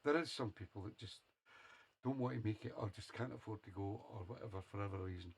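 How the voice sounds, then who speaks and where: A man's voice: lowish voice, fast, breathy edge. A man hosting a radio show, chatting casually between songs in a jokey, teasing way and chuckling often. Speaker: radio DJ host.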